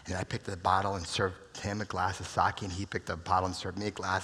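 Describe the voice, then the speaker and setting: Husky, forceful man speaking in an echoing hall. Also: sits low, steady tone, quick pace, hardly any pauses. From United States. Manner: storytelling that drops to a hushed near-whisper at emotional moments. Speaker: keynote speaker. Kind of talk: motivational conference speech. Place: large conference room. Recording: reverberant conference hall.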